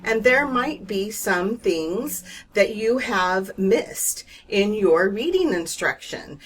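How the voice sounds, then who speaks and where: A woman's voice: mid-range voice, breathy edge. A woman teaching reading in a patient, reassuring way, explaining sounds step by step and demonstrating them. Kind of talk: instructional video lesson.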